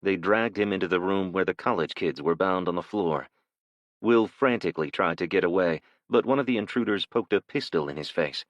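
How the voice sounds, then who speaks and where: A man narrating a thriller audiobook in a measured, steady storytelling manner. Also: low voice, dry recording, highs cut off.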